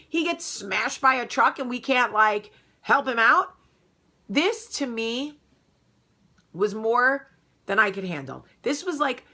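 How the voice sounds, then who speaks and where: A woman vlogging in an animated, emphatic way, ranting loudly and then talking more calmly. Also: mid-range voice. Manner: animated, emphatic, swings from loud outrage to calmer advice. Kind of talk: casual vlog rant.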